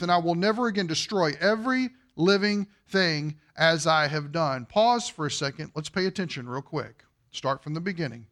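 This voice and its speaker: Preacher guy giving a sermon, high bright voice, quizzes the crowd, goes loud then quiet. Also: moderate pace. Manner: animated, questions the congregation, swings from loud to hushed. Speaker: pastor.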